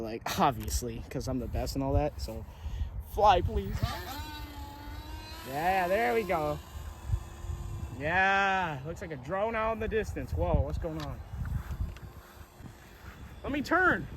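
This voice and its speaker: Male vlogger, high and very animated delivery, playful and self-deprecating, noisy outdoor sound. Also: far from the mic. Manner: playful, self-mocking, excitable. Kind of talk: joking vlog commentary. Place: outdoors and in a workshop.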